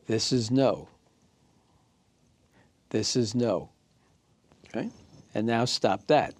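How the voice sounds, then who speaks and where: A man teaching a recorded class, walking listeners through steps calmly and checking in with "okay?" and "right?". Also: mid-range voice, takes it slowly, long pauses, no room sound. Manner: calm step-by-step guidance, often checking in with "okay?" and "right?". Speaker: instructor.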